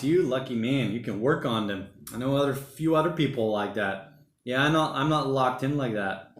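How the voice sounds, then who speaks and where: 30s guy rambling thru his livestream chat at home, calls everyone mate, mid pitch, echoey room. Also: expressive, normal speed. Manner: rambling, thinking out loud, says mate and man a lot. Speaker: livestream host reading viewer chat. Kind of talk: casual solo livestream chat. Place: home during lockdown. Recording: roomy home room echo.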